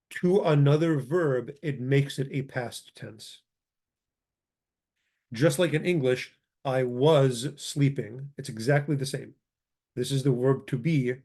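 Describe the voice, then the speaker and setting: Male language teacher, offhand and chatty, mellow tone, mid pitch; reads examples and mutters self-corrections. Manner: casual, thinks aloud, corrects himself, mutters asides. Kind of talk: informal grammar lesson, reading from a textbook.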